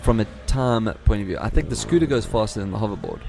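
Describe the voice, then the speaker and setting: An Australian man co-hosting a casual radio tech chat, teasing his co-host with quick banter. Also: on the low side, lively intonation. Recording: radio podcast with faint background noise.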